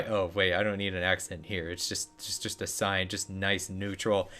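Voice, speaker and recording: A man's voice: deep voice, level tone, moderate pace, hardly any pauses, bright, forceful tone. A young man streaming a game, giving casual commentary full of sarcastic jokes and muttered asides.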